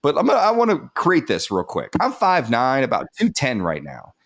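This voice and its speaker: A man as a podcast guest telling a personal story candidly, acting out what others said and turning soft and subdued as it gets emotional. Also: mid-range voice, moderate pace, gravelly. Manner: animated, acts out quoted dialogue, laughs at himself.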